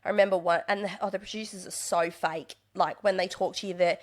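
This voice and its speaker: A young woman in casual interview chat, chatty and animated, slipping into exaggerated voices when she quotes people. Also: on the low side, quick pace. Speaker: podcast guest, reality TV contestant and stand-up comedian.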